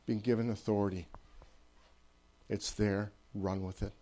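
A man's voice: lowish voice, little pitch movement, measured pace, dark tone. A man preaching an informal sermon in a conversational way, repeating phrases for emphasis and checking in with listeners.

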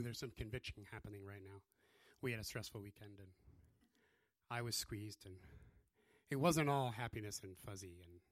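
Conversational pastor, bright voice. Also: male voice, fairly high pitch, no room sound. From US Midwest. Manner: conversational, self-deprecating, joking asides. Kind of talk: sermon.

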